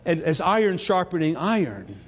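A man's voice: sits high, very animated, normal speed, breathy edge, long reverb tail. A man preaching a sermon as pastor, talking in a conversational way and often restarting his sentences. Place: church.

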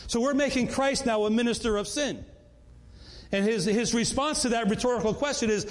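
A man's voice: very high-pitched, fairly quick. A man leading a Bible study in an earnest, conversational way, often repeating words and restarting.

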